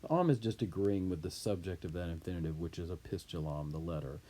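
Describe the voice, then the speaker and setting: A man teaching Latin, reading a text aloud and explaining it deliberately, word by word. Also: low-pitched, dark tone.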